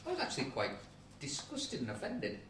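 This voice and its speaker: A man's voice: on the high side, huge pitch swings, fairly quick, fairly bright tone, recorded from a distance. A man co-hosting a podcast, telling things in a hesitant way with many fillers. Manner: hesitant, filler-heavy storytelling. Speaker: podcast co-host. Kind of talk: casual chat. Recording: echoey room, off mic, faint noise.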